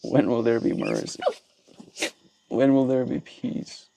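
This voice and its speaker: A man's voice: medium pitch, big pitch swings, takes it slowly, creaky, background noise. Playful man chatting on a live stream. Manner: playful, laughs often, mock voices for viewers. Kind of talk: casual live-stream chat reading chat messages. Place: outdoors with mosquitoes.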